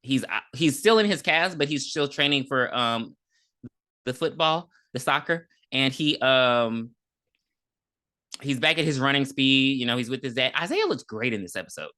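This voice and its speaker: A woman's voice: extremely low pitch, animated, normal speed, sharp tone. A woman co-hosting a podcast, recapping a TV episode in a chatty, slangy way with frequent laughs. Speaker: podcast co-host. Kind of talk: casual chat recapping a TV episode.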